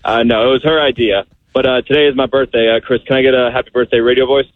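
A man calls in to a radio show at an ordinary pitch. He rambles a little and fills gaps with hesitations. The voice is thin and phone-like with no room sound. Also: steady tone, fast, no echo. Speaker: caller. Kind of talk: call-in radio chat. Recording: tinny phone line.

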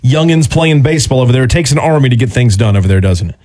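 A man's voice: mid-range voice, animated, rapid-fire, a little mellow. A male radio host in casual chat. He jokes and teases his guest lightly. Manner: jokey, teasing.

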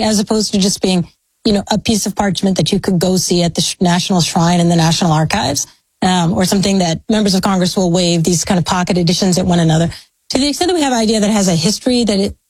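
A woman's voice: medium pitch, darkish tone, dry recording, poor audio. An American woman historian giving long, thoughtful, academic answers in an interview. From United States. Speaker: historian, guest. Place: speaking from a law school.

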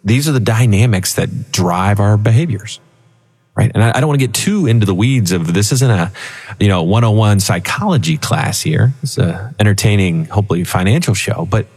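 A lowish, husky male voice tells stories with lively, animated delivery and drops into playful voices for the characters he quotes. He co-hosts a financial advice show in a conversational way. A long reverb trails behind him. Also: fairly quick. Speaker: financial radio show co-host.

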